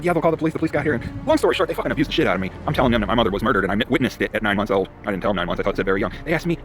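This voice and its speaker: A man vents into the camera in a furious, profanity-laced monologue, talking very fast. His pitch leaps around as he loses his thread and circles back. Faint music plays behind him. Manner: agitated, swearing, going off on tangents. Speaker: vlogger. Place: in a vehicle.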